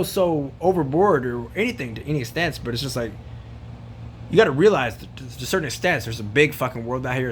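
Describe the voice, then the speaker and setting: A man vlogging a loose, profanity-laced rant, circling back on himself with slang and filler. His voice sits a little high for a man, and a faint hum of ambient noise sits under it. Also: a bit bright. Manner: rambling, profane, slangy, says bro a lot. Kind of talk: casual rant to camera.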